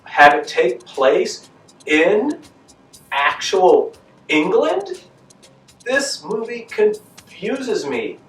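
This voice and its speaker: Slow-talking man reviewing a film. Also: sits high, big pitch swings, fairly bright tone, recorded from a distance. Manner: conversational, rhetorical questions, emphatic repetition. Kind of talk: casual spoken movie review. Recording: echoey room, voice off-mic, faint music.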